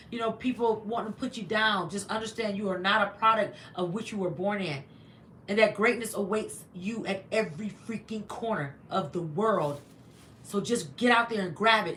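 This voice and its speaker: A woman hosting a casual livestream, greeting viewers by name and giving motivational talk. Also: a little hiss or hum. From from mixed German and Latin family. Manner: laughs often, lively swings in pitch. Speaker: livestream host.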